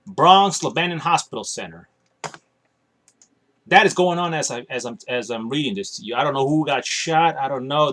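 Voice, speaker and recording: A man's voice: on the high side, fairly bright tone. A tired man rambling bluntly in a casual home vlog, complaining offhandedly as he talks straight to the camera in a small room. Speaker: vlogger.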